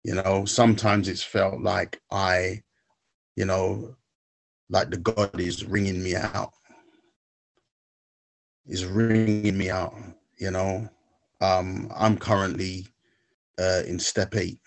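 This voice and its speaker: Man, spoken word poetry, measured rhythmic recitation, low pitch, monotone. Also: gravelly. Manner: halting, searching for words. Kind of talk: spoken word poem, then personal reflection.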